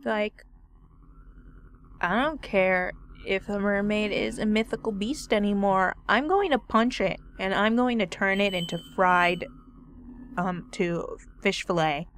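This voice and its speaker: A woman's voice: mid-range voice, a little slow, a bit bright, slight background noise. A woman giving casual gaming commentary, bantering playfully and sarcastically with the character on screen. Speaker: let's play gamer.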